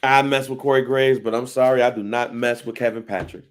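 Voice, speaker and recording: A man co-hosting a casual podcast, talking in an animated, emphatic and profane way. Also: mid-range voice, a little fast. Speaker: podcast co-host.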